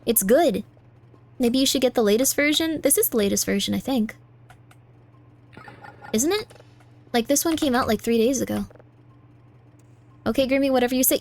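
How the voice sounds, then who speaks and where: High-voiced playful woman streamer, dry sound. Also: expressive, normal speed, long pauses, no echo. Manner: playful, teasing, insistent, repeats phrases over and over; jumps into squeaky high protests. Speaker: live streamer. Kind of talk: casual live-stream chat while gaming.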